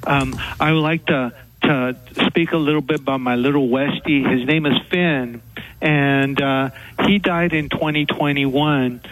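Male caller, halting and unpolished, call-in radio. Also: mid-range voice, steady tone, fairly bright tone, low-quality recording. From Texas. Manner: halting, many fillers and restarts.

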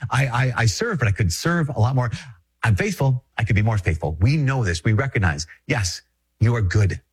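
A Catholic priest from Minnesota giving a conversational, emphatic reflection, repeating phrases and chuckling often. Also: male voice, medium pitch, expressive, normal speed, breathy edge. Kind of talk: spoken reflection to an audience.

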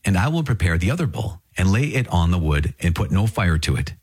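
Man reading a stern bold prophet, commanding, solemn, very low voice, husky. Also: very animated, fairly quick, a little mellow, no room sound, studio quality, heavily acted. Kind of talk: scripture reading.

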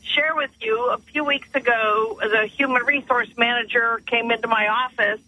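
Woman caller from northeast pennsylvania, high bright voice, kinda husky, tinny phone line. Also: normal speed, no room sound. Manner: earnest, animated storyteller. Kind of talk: phone-in storytelling. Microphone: telephone.

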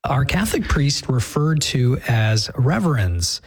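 A man hosting a call-in radio show, thanking a listener and bringing on the next caller in a brisk, friendly way. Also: mid-range voice, sing-song, husky.

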